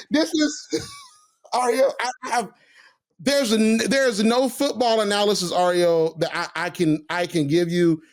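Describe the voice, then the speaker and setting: A young man with a high-pitched voice co-hosts a casual sports podcast. His pitch swings widely as he gets animated. He laughs often and drops into a mocking tone when he reads quotes aloud. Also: slow. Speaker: podcast co-host.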